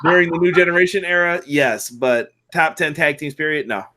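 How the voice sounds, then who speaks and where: A man's voice: a little high, brisk, very noisy. A man chatting casually as a podcast co-host, blunt and opinionated. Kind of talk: casual chat.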